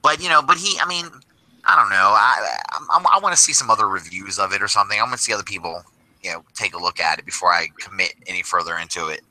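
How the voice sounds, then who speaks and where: A man co-hosting a casual podcast chat, animated and emphatic, often restarting his sentences. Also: deep voice, fast, low-quality recording. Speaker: podcast co-host. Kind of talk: casual chat among toy collectors.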